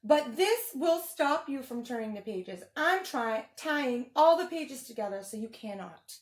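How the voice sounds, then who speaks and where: A woman's voice: high voice, measured pace, reverberant. A woman doing Grover, a fretful furry monster. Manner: frantic, pleading, excitable. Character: furry blue monster, anxious and pleading.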